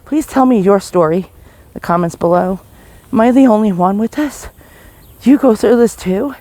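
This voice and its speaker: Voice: mid-range voice, moderate pace, mellow, no room sound. A vlogger, panicky and short of breath, coughing and pleading in a shaky confessional vlog recorded on a phone while walking down a residential street outdoors.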